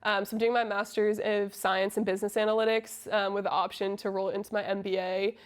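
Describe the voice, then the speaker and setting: A college soccer player in her twenties, originally from Massachusetts, talks through interview questions in a casual, friendly way. Her pitch stays fairly level and flat, and she leans on "um" between thoughts. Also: brisk. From Massachusetts, USA. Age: 20s. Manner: friendly, lots of um fillers.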